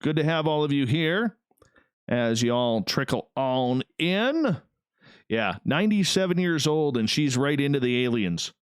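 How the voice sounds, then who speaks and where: A man's voice: very animated, unhurried, clean tone, dry recording, studio quality. A man hosting a live radio show and stream, chatting casually and greeting listeners in an upbeat way. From Canada. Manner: upbeat, chatty, jumps between high and low pitch.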